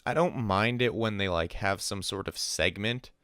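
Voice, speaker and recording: A young podcast host with a smooth, resonant, low voice, talking in a loose, chatty way and mimicking people in quick put-on voices. The sound is dry and close, with no room echo. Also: male voice, a bit bright. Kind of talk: casual esports podcast chat. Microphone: call recording with a remote co-host.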